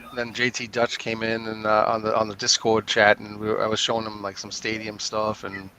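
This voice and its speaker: A man joining a casual call who explains his work haltingly, with many restarts. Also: fairly low pitch, monotone, pushed and bright, low-quality recording. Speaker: guest. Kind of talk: casual chat on a video call.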